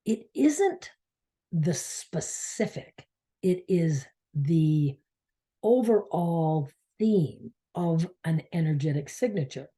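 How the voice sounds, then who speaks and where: Taking it slowly, a Maine woman with a low-pitched, dark, animated voice meanders through a heartfelt story about her life, sometimes dropping nearly to a whisper. She is a spiritual coach who hosts a channel.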